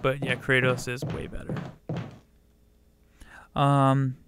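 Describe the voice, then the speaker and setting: A young man streaming a game, chatting casually with viewers, swearing freely and shouting at the game. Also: medium pitch, completely flat delivery, slow pace, noisy background. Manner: profane, chatty, outbursts at the game, greets viewers. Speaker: let's play streamer. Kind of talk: casual live-stream gaming commentary.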